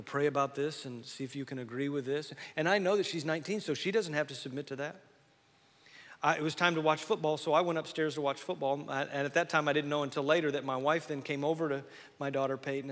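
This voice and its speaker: A man in his forties preaching a sermon, earnest, with loud emphatic peaks. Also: medium pitch. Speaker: pastor. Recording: long reverb of a large hall.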